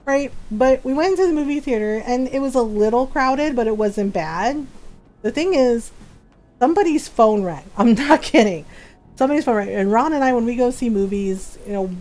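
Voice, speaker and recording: A woman with a somewhat high voice chats on her live stream, spinning a story. She laughs often and acts out what people said as she goes. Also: lively intonation, moderate pace, darkish tone. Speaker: game streamer. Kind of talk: casual chat on a live stream.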